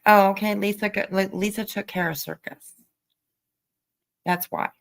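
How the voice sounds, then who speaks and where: A woman's voice: medium pitch, fairly even intonation, normal speed, gravelly, dry recording. A woman hosting a livestream, chatting casually with her viewers and reading their comments. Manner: chatty, laughing, talks to chat while eating. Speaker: livestream host.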